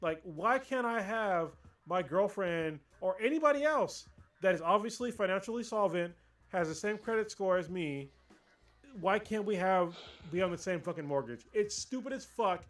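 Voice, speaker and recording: A man with a fairly high-pitched voice, talking on a livestream podcast. He rants in a casual, profane, animated way, and faint music plays behind him. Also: moderate pace. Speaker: podcast co-host.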